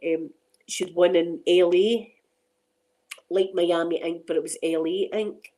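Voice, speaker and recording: Scottish woman, middle-aged, casual ASMR chat, rambling, laughing, warm mellow tone. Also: on the low side, steady tone, a little slow, long pauses, poor audio. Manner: chatty, rambling, laughs often. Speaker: ASMR channel host.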